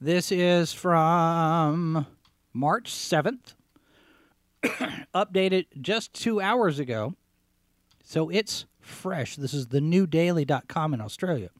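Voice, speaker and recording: A man hosting a talk show, giving sarcastic commentary as he reads out headlines, often clearing his throat and restarting his sentences. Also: on the high side, takes it slowly, no room sound, clean studio sound. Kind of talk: opinionated commentary, reading headlines.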